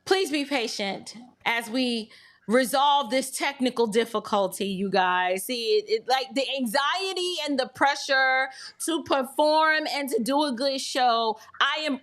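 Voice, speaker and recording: High-voiced chatty middle-aged woman. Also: unhurried, a bit bright. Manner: chatty and flustered, talking straight to viewers. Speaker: livestream host. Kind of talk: casual livestream chat.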